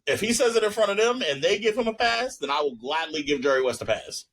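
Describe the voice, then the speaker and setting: A young man co-hosting a podcast, chatting casually and telling stories loudly with lots of laughter. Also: high-pitched, brisk, low-quality recording. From New York. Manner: loud animated storytelling, lots of laughing. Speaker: podcast co-host. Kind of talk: casual chat.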